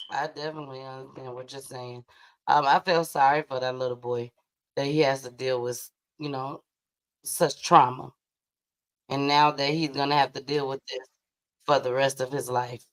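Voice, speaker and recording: A woman's voice: rumbling low, normal speed, pauses often, dry recording, clean studio sound. A woman hosting a live stream, giving casual, slangy commentary on news clips and talking directly to her audience.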